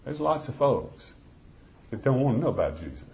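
A man preaches, telling a dramatic first-person story in a middle-pitched voice. He swings between loud pleading and hushed, almost whispered lines. The recording sounds dull and lo-fi. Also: sing-song, moderate pace, creaky.

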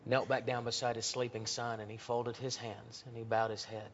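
A man preaching a sermon in a church, telling stories and acting out the voices in them, swinging from loud to hushed. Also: mid-range voice, little pitch movement, normal speed, hardly any pauses, slight background noise. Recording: dull lo-fi recording.

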